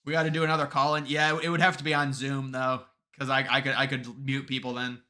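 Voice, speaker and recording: A man's voice: medium pitch, flat delivery, fast talker, bright, forceful tone. A man hosting a live stream, chatting casually with viewers and reading their comments aloud, often restarting his sentences. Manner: rambling, restarts sentences, reads chat aloud.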